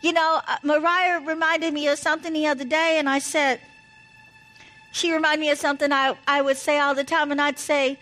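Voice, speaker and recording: Over soft background music and poor audio, a woman casually recounts stories and gives marriage advice, sprinkling in "blah, blah" in a chatty, anecdotal manner. She sounds high-pitched and fairly bright, speaking a little fast with a flat delivery.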